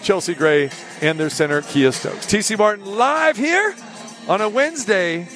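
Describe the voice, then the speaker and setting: A man hosting a live radio show from an arena, telling a story in a casual, animated way and acting out the people in it. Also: high-pitched, measured pace. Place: arena during a live broadcast. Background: music and an arena crowd.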